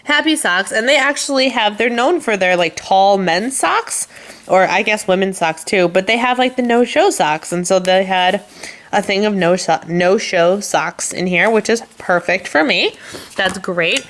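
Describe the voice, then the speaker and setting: A woman's voice: medium pitch, measured pace. A young woman vlogging in a casual, chatty way, upbeat and full of little fillers as she shows off items. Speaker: lifestyle vlogger. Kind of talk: casual chat to camera.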